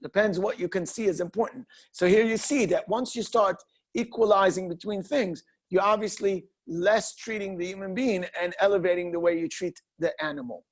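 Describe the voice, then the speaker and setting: A man, a rabbi, giving an informal walking Torah class to students, arguing his point by posing rhetorical questions and answering them, animated and full of restarts. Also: sits high, normal speed.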